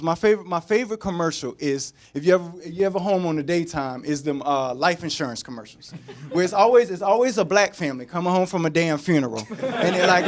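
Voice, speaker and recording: A man doing a loose, profane stand-up comedy set on stage, breaking into sudden high sung bits. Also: quick pace, music in the background. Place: comedy stage before a live studio audience. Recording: laughing live audience. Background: crowd laughter.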